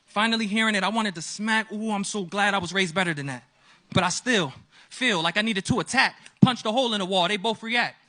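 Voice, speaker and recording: A male spoken word poet with a strikingly high, piercing voice. He delivers a story in rhyming verse with a steady performance rhythm. He slips into each person's voice as the story unfolds. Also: a little fast.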